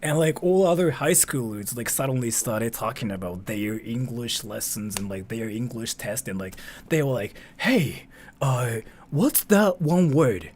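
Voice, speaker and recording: A man's voice: medium pitch, normal speed, darkish tone. A young man from Japan, chatting casually on a livestream as he answers viewers' donation questions, in a rambling style full of "like" and "freaking".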